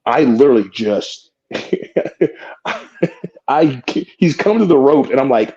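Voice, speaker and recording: A man's voice: medium pitch, normal speed, slightly rough, highs cut off. A man, a wrestler guest on a podcast, telling a story with lots of profanity and acting out the quotes. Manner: profane, animated, acts out quotes. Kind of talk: animated storytelling.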